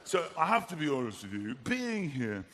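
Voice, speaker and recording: Comic on a big stage, lively and bouncy, higher pitch, live audience noise. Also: male voice, moderate pace. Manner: animated, acts out little scenes and voices. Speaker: comedian. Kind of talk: stand-up comedy. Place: large theatre stage.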